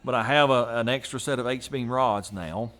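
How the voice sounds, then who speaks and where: A man's voice: mid-range voice, normal speed, a bit bright. A man hosts a casual garage vlog, folksy and thinking aloud as he works in a home garage. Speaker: garage channel host.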